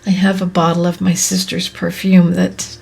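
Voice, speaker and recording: A woman hosting a podcast, speaking in a soft, often whispery, reflective way, her voice catching with emotion. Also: lowish voice, completely flat delivery, moderate pace, gravelly, breathy edge, faint music behind. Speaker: podcast host. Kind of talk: slow reflective monologue.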